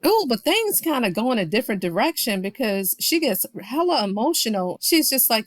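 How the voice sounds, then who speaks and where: A woman recaps a reality show in casual commentary aimed straight at her viewers, chatty and quoting people with playful shifts in her voice. She speaks a little fast with hardly any pauses, in a fairly high, sing-song voice with no echo.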